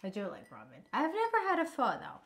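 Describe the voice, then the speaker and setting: A woman's voice: on the high side, huge pitch swings, quick pace, vocal fry, a bit bright, a little hiss or hum. Chatty woman co-hosting a stream. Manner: chatty, reads chat aloud, muses over small details. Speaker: cooking stream co-host. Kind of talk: casual chat.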